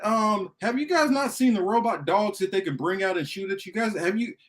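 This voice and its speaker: A man's voice: high-pitched, brisk, fairly bright tone. A man hosting a political talk show, ranting emphatically with heavy profanity and repetition. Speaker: podcast host.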